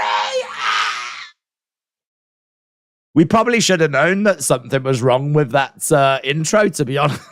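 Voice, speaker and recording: A man's voice: high voice, a bit bright, no echo, clean studio sound. A man casually commenting on a live show for his viewers, joking and sarcastic, reading out chat messages. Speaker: wrestling watch-along streamer. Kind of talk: live-stream reaction commentary.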